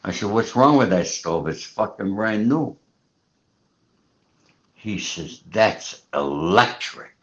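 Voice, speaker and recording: A man's voice: on the low side, animated, takes it slowly, pauses often. A man hosting a casual chat, telling a rambling, profane story and acting out the dialogue he quotes. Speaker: show host. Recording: muffled lo-fi audio.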